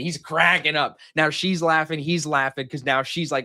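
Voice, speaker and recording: A man's voice: fairly high pitch, steady tone, moderate pace, few pauses, bright, forceful tone, no room sound, clean studio sound. A man in his thirties hosting a live trading stream, brash and joking, swearing freely in casual chat.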